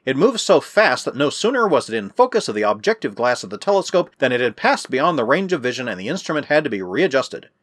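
A man narrating an adventure story in a measured, expressive reading. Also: medium pitch, no echo, clean studio sound. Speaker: audiobook narrator.

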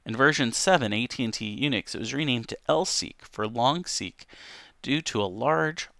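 A man's voice: medium pitch, normal speed, vocal fry, bright, forceful tone, dry recording. A man casually reading news stories aloud on a livestream, with frequent ums, self-corrections and asides to chat. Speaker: livestream host.

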